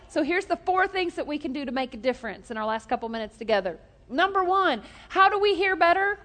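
A woman's voice: high-pitched, fairly bright tone, big-room sound. A woman pastor preaching a sermon, telling jokes and stories and leading the congregation in call-and-response.

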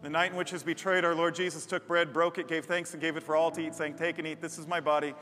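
A middle-aged man preaching a sermon as a pastor, animated and joking, building to emphatic repeated lines on a stage microphone. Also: on the high side, quick pace, faint music behind. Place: large church hall. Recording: long hall reverb.

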